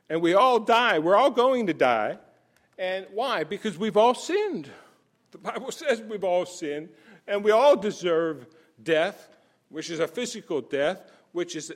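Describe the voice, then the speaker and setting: Animated high-voiced male preacher. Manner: animated, chuckling storytelling with emphatic exclamations; shifts between soft and loud passages. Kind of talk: sermon.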